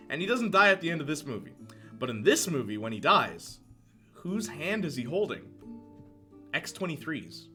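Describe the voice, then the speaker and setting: A man talks in casual live-stream chat, excitable and quick to laugh. His voice swings widely up and down and rings bright and forceful. Soft guitar music plays faintly behind him. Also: a little high. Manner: excitable, chatty, laughs often, reacts to chat. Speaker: streamer ranking movies.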